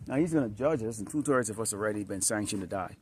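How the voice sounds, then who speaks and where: A man's voice: fairly low pitch, fast, a little hiss or hum. A man preaching an outdoor sermon, emphatic and repetitive, often checking in with the listeners with short questions. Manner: emphatic, repetitive, peppered with "Huh?" and "All right?". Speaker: street preacher. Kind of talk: outdoor sermon with scripture reading. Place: outdoors, dusty and slightly windy.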